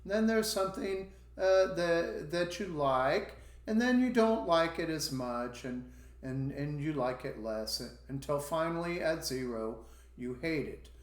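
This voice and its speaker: A man teaching an online language lesson, speaking deliberately and repeating example phrases to model intonation. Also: on the high side, lively intonation, reverberant.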